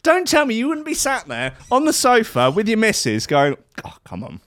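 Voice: medium pitch, moderate pace, no echo, clean studio sound. A speaker with a British accent delivering a crude, mocking comedic rant full of swearing. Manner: sweary, mocking, animated, with voices and outbursts. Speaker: comedic ranter.

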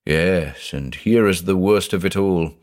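A deep-voiced man doing a haunted old judge. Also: a little slow, darkish tone. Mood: anguished. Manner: intense, growling, confessional. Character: haunted, obsessive older male judge, brooding.

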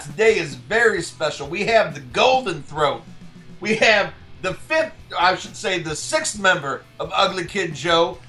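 A co-host man from New Orleans with a high, bright voice. He rambles eagerly, full of fillers. Faint music runs under the chat. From New Orleans, USA. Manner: rambling, enthusiastic, with many fillers. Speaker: podcast co-host. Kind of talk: casual podcast banter.

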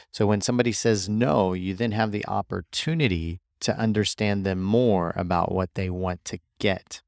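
A man hosting a solo podcast, explaining ideas and reading quotes from a book aloud, sometimes slowing down and deepening his voice on purpose. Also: creaky, no echo, clean studio sound. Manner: deliberately deepens and slows his voice. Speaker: podcast host.

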